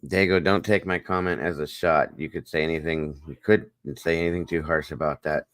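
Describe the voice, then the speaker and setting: A man's voice: very deep voice, steady tone, moderate pace, a bit bright, no echo. A man hosting a casual livestream, greeting viewers by name and chatting with them, wired on coffee. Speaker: livestream host. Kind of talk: casual livestream chat reading comments.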